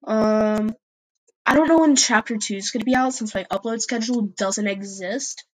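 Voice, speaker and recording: A woman's voice: on the high side, moderate pace, rough recording. A woman narrating an amateur fan story and chatting to listeners, hesitant and full of fillers. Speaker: storyteller and channel host.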